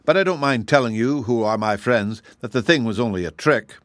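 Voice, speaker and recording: A man voicing a kindly little male wizard who admits to being a humbug, explaining things gently in an audiobook reading. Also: mid-range voice, lively intonation, fairly quick, no room sound, natural voice.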